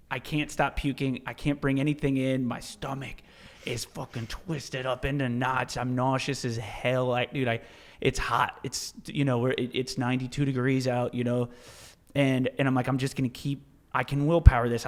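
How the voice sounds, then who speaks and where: A man telling a story as a podcast guest, in a casual, animated way, swearing freely and restarting his sentences often. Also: mid-range voice. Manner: animated, profane, many restarts and "dude". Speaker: podcast guest, ultra-marathon runner.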